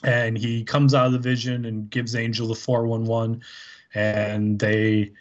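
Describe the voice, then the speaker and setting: Male podcast co-host, casual, slow and meandering, muffled lo-fi audio. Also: mid-range voice, little pitch movement. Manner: rambling, full of fillers, puts on voices. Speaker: podcast co-host recapping an episode. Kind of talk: casual chat.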